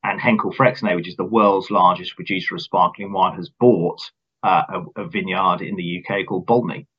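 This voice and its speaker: Brief: deep, husky man, finance executive, measured answers, dull muffled recording. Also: steady tone. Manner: measured, earnest, repeats words at starts. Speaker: company finance chief. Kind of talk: business interview answers.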